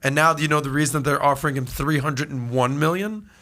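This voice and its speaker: A man co-hosting a podcast panel, chatty and quick with asides and rhetorical jabs. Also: a little high, sharp tone. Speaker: podcast co-host. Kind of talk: casual panel discussion.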